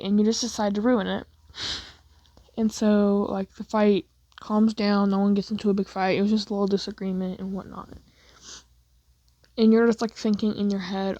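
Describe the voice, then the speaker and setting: A woman's voice: medium pitch, fairly even intonation, moderate pace, a little mellow, no echo. A young woman telling a second-person fan story in a casual, rambling way, filling her speech with "like". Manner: casual, rambling, heavy use of "like".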